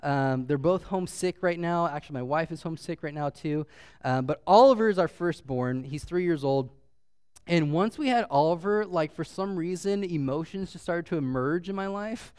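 Man in his thirties, casual storyteller, smooth and a touch high, laughs through his stories. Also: normal speed, darkish tone. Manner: chatty with frequent fillers, laughing as he talks; heartfelt, chokes up when sentimental. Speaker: speaker sharing a personal story.

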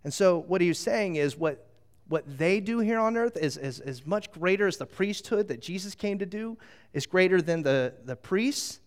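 A middle-aged man preaching a sermon as a pastor, animated and storytelling, drawing the audience into a little game. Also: high-pitched, normal speed. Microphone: handheld microphone.

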